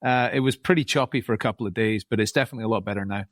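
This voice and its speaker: A man's voice: lowish voice, racing, no room sound, clean studio sound. Scottish man, easygoing podcast guest. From Scotland. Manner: friendly, easygoing, repeats words. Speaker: guest, tech co-founder. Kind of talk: casual interview chat.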